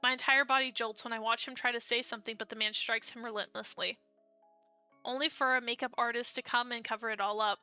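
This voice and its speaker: A young woman streamer reading a dating-sim story aloud, expressive, breaking off into excited asides. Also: on the high side, fast talker, smooth, dry recording, faint music behind.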